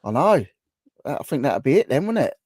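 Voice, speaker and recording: A man's voice: mid-range voice, very animated, moderate pace, a little mellow, no echo, clean studio sound. A man from England hosting a casual live stream chat, greeting viewers by name in a chatty way. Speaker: livestream host.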